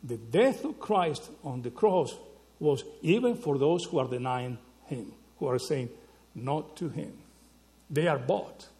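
A man preaching a sermon, teaching slowly and emphatically, often checking in with the listeners with a quick question. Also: fairly high pitch, darkish tone, big-room sound. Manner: slow, emphatic teaching with frequent rhetorical "right?" checks.

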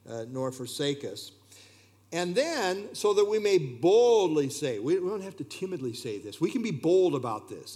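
Emphatic male preacher, slightly high voice. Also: darkish tone. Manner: emphatic, repeating key phrases. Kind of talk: sermon.

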